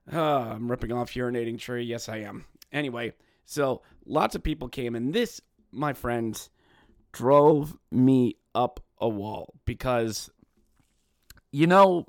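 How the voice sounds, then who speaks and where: A man hosting a solo hockey fan podcast, ranting in an animated, exasperated way and mimicking other fans. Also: medium pitch, dry recording, clean studio sound. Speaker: podcast host.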